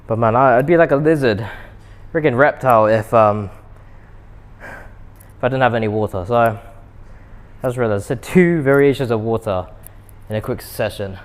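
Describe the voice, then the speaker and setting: A man's voice: medium pitch, moderate pace, pauses often. A young British man chatting casually to his viewers between sets in an indoor gym, rambling with self-deprecating asides. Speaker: fitness vlogger.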